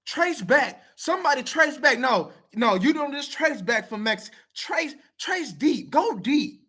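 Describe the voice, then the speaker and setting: A man's voice: very high voice, big pitch swings, unhurried, pushed and bright, husky. A man talking straight to camera, blunt, profane and heated, repeating himself to press his point. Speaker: video commenter. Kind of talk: casual talk to camera.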